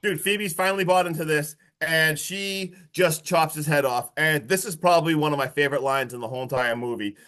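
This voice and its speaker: An excitable man in casual podcast chat, peppering his talk with "like" and swearing. His voice sits a little high for a man. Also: fairly quick, few pauses. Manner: excitable, swears freely, heavy use of "like". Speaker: podcast co-host. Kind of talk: casual movie review chat.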